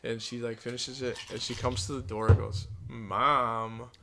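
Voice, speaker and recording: A man co-hosting a casual podcast, telling animated stories and swearing casually. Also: mid-range voice, a little fast, gravelly, very noisy. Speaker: podcast co-host.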